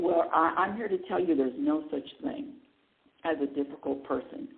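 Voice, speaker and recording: A woman hosting a spiritual talk radio show, speaking in an animated way. She asks herself questions, answers them, and chuckles often. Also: on the low side, brisk, vocal fry. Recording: narrow phone-like line.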